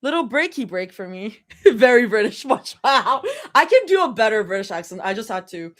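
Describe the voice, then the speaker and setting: A woman's voice: a little high, sing-song, moderate pace. Giggly woman reading fanfiction live. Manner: giggly, breaks off to react and chat. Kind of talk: live reading with chatty reactions.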